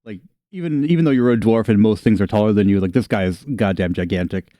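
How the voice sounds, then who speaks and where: A man narrates a tabletop game as game master, relaxed and joking. His voice is fairly low, and the recording is close and dry. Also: fast, no echo. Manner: casual, laughing asides.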